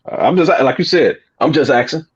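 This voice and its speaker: A man's voice: fairly high pitch, moderate pace, husky, lo-fi sound. Blunt, cussing man on a call. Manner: blunt, profane, probing questions. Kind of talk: casual call-in chat.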